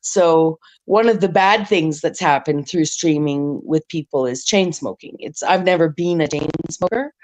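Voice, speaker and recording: A woman hosting a casual live-streamed panel chat, talking at length with a raspy smoker's voice and lots of restarts. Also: low voice, unhurried, hardly any pauses, a little mellow. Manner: rambling, talkative, many restarts. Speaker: stream host. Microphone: remote stream call.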